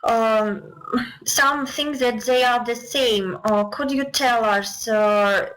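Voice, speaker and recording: Lady interviewer, english not her first language, slow and hesitant, kinda high voice. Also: fairly bright tone, low-quality recording. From Russia. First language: Russian. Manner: hesitant, many uh and mm fillers, slow careful questions. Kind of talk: interview questions.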